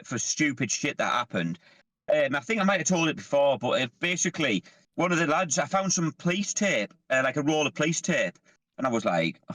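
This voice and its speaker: A man's voice: on the high side, fairly bright tone, no room sound. A man, a podcast host, telling sweary army stories in casual chat. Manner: sweary, laughing storyteller.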